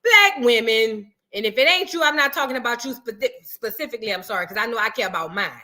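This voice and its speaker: A woman's voice: on the high side, expressive, fast, pushed and bright. A woman hosting a blunt, profane reaction commentary, full of mocking impressions. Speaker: commentary host.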